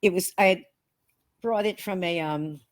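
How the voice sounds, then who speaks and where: A woman guest in a studio interview, telling a personal story in an earnest, animated way and often restarting her sentences. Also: fairly low pitch, normal speed. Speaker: guest, author and researcher.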